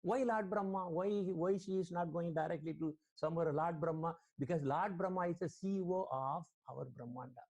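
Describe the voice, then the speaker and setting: A man's voice: a little high, steady tone, moderate pace, hardly any pauses, a little mellow. A man, a spiritual teacher, giving an online sermon over a video call, quoting Sanskrit verses and questioning his listeners.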